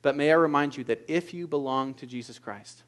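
A man preaching a sermon as pastor, moving between quiet, intimate asides and loud, emphatic exhortation. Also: a little high, fairly quick.

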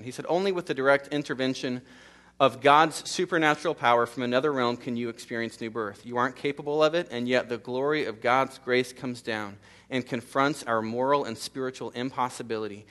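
In a church sanctuary, a middle-aged man serving as pastor delivers a sermon at a fairly quick clip. His medium-pitched voice has a touch of brightness, and his cadence swells through repeated strings of brief, emphatic phrases.

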